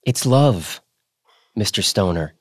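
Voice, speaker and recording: Casual dry-mocking old professor, as a man reads him aloud, middle pitch, close dry sound. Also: animated, normal speed, dry recording, lightly acted. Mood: gentle.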